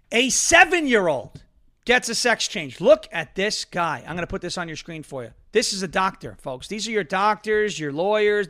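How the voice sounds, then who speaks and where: A man's voice: high voice, sharp tone. A man hosting a political talk livestream, ranting with a combative, sarcastic edge. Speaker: political talk show host.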